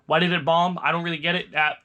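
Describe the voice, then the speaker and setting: Bright, rambling young man. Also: a little high, little pitch movement, quick pace, dull audio, soft background music. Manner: rambling, loose, restarts sentences often. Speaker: vlogger reviewing movies. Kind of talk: casual chat.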